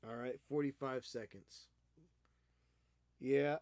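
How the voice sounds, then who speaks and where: A man's voice: mid-range voice, fairly even intonation, slow pace, a little mellow, clean tone, no echo. A man streaming his miniature painting, chatting casually and teasing his cat with playful baby-talk.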